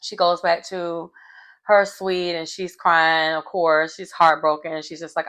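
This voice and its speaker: A woman's voice: lowish voice, level tone, measured pace, fairly bright tone, clear, resonant tone. A woman hosting a casual reality TV recap, sassy and colloquial, laughing often as she reacts.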